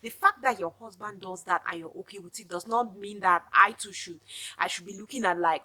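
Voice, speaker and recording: Nigerian woman, bright voice, talking straight to camera with emphatic advice. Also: medium pitch, fairly quick. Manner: chatty, emphatic, addresses viewers directly. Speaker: vlogger giving advice. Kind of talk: casual advice monologue.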